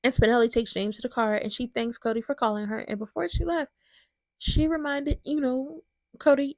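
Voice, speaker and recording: A woman recaps soap episodes in a chatty, animated way and talks straight to her viewers. Her voice sits fairly high and has a gravelly rasp. The sound is close and dry, with no room echo. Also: moderate pace. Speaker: soap opera recap host. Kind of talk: casual soap opera recap commentary.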